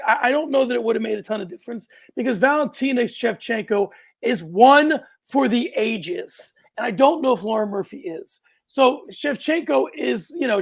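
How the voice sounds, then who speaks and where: A man co-hosting a casual sports podcast, animated and rambling, with loud outbursts and frequent restarts. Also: very high voice, vocal fry. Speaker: podcast co-host.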